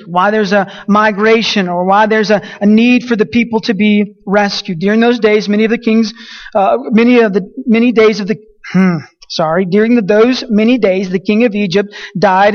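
Male preacher, higher register, earnest and self-correcting, muffled lo-fi recording. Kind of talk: sermon with scripture reading.

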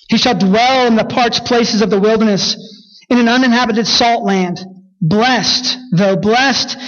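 A man's voice: fairly bright tone, dull audio. A man preaching a sermon, reading scripture and rising sharply when he rebukes. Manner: preaching, rises high and fast when rebuking. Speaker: pastor.

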